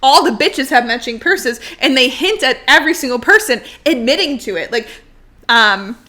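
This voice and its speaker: A young woman with a slightly high voice chats excitedly on a podcast, laughing often and swearing freely as she acts out scenes. Her talk is loose and fast-moving. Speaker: podcast co-host. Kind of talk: casual chat recapping a TV show.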